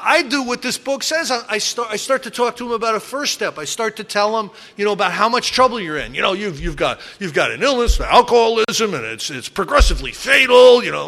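Middle-aged man, high voice, sharp bright tone, animated storytelling, acts out quotes, frequent restarts. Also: gravelly. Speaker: recovering alcoholic sharing his story. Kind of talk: casual storytelling talk.

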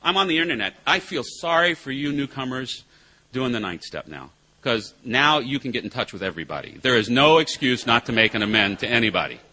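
A middle-aged man addresses a recovery group sponsor-style, describing his own drinking with wry, self-mocking punchlines. His mid-range voice is expressive, pushed and bright, and a little fast. He is a recovery meeting speaker and sponsor giving a personal talk.

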